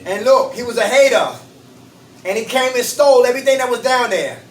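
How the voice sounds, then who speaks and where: A very high-pitched man leads a recovery group, preaching in call-and-response and firing questions at the room. He sounds far from the mic in an echoey space. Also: lively intonation, brisk, a little hiss or hum. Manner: preachy, quizzes the group with "what?".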